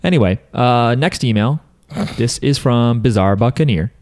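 A man's voice: mid-range voice, lively intonation, moderate pace, a little mellow. A young man hosting a casual podcast chat, rambling with lots of fillers and frequent laughs, reading listener emails.

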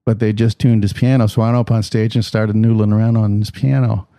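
A man with a mellow, dark voice telling easygoing stories about his life in music. He talks casually and with animation, in a dry room with little reverb. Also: lowish voice, level tone, brisk. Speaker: musician guest. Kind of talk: conversational storytelling.

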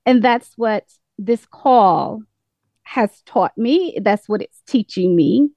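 A woman with a British-sounding accent, a caller giving a measured, earnest testimony on a call-in program. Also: fairly high pitch, animated, dry recording, highs cut off. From United States.

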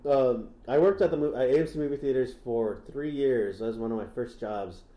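A man's voice: medium pitch, a little fast, roomy sound, highs cut off. Profane, laughing podcast co-host man. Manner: loose, profane, laughs often. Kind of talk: casual comedy chat.

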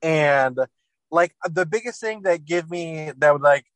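A man trading crude jokes in a casual podcast conversation. His voice sits a little high. The recording is dry and close. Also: measured pace, no echo. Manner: crude, joking, swearing. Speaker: podcast co-host. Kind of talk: casual chat.

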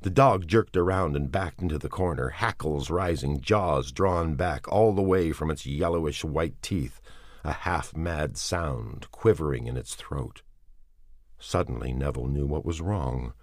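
Male audiobook narrator, extremely deep voice, measured and expressive, dry close sound. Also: no echo. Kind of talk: dramatic audiobook reading.

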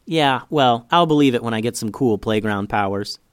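A man voicing a skeptical, sassy young girl in a storybook reading, with quick doubtful retorts. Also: mid-range voice, lively intonation, smooth, dry recording, studio quality, natural voice.

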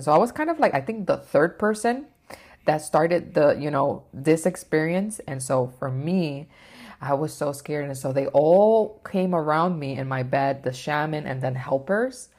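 Woman vlogger, low voice, casual filler-heavy storytelling. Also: a little mellow. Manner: rambling, filler-heavy, restarts often. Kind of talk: personal storytelling.

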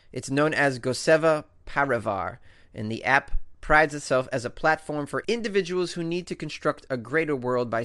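Brief: male radio host, mid pitch, joking and sarcastic, mock-incredulous news riffs. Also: a bit bright. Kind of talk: comedic talk radio news chat.

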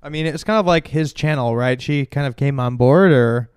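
A man's voice: mid-range voice, normal speed, darkish tone, smooth, no echo. A man chatting casually as a podcast host, cracking jokes between questions. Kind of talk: casual chat.

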